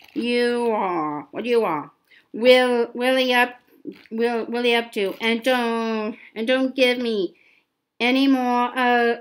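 A woman reading a furious bullying uncle, stumbling. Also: fairly high pitch. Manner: stumbling, repeats words. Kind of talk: reading a novel aloud.

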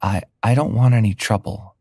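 A frightened and upset teenage girl with dragon powers, stammering in distress, as a male storyteller puts her on. The voice is deep, gravelly and husky, in a dry, close-miked reading. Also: steady tone, normal speed, mellow, dry recording.

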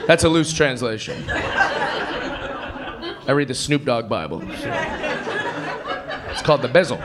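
A stand-up comic in a club tells stories with confident delivery, slipping into animated, mocking voices. He speaks slowly in a mid-range voice, over loud crowd noise and club ambience.

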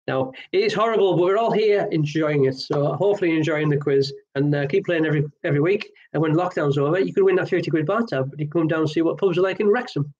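A man running a pub quiz over a stream, full of chatty, jokey asides as he reads out answers. His voice sits high for a man, and the audio comes through dull and lo-fi. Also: fast, hardly any pauses, darkish tone. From Wales. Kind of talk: online pub quiz hosting.

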